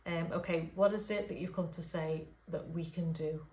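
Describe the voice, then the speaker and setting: Hesitant low-voiced woman in an echoey room. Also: fairly even intonation, moderate pace. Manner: hesitant, many fillers and restarts; talks softly at late night hours. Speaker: spirit medium. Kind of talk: unscripted channelling session talk.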